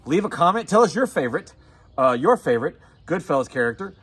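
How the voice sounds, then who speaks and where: A man's voice: a little high, big pitch swings, fast talker, a crowd in the background. A man with a Southern US accent co-hosting a casual movie chat, rambling and profane, laughing often. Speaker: co-host.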